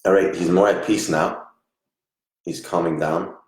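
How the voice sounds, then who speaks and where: A man working as a psychic medium during a live reading, talking in a soft, halting way and murmuring reassurances. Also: deep voice, fairly even intonation, echoey room.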